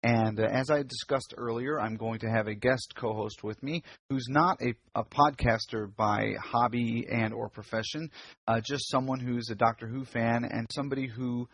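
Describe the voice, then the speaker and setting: A man hosting a casual podcast, his voice a little husky and rough at the edges. He talks in a friendly, rambling way, full of ums and restarts, recorded on his computer mic during a video call. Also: medium pitch, steady tone, normal speed, a bit bright, no echo. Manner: chatty, many fillers and restarts. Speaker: podcast host.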